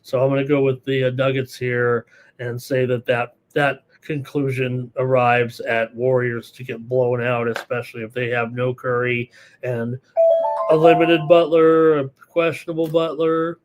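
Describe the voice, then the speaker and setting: A hoarse man hosting a live sports betting show, thinking aloud through picks in a rambling, casual way. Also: mid-range voice, completely flat delivery, unhurried, a little hiss or hum. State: hoarse, losing his voice.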